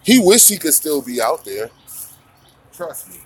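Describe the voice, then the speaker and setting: A man's voice: a little high, very animated, unhurried, a little hiss or hum. A man hosting a casual morning commentary, rambling and profane, mocking his targets and laughing often. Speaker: commentary channel host.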